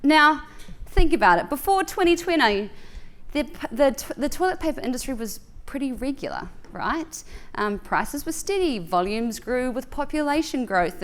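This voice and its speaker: A woman with a New Zealand accent gives a conference keynote from the stage. Her voice sits a little high, and her delivery is playful, working puns into the talk. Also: a bit bright. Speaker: keynote speaker. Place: large conference hall.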